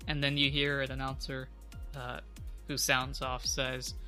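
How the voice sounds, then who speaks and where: A man's voice: medium pitch, completely flat delivery, a little slow, bright, forceful tone, soft background music. A man running a tabletop game as game master, talking casually with fillers. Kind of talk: tabletop game narration and podcast outro.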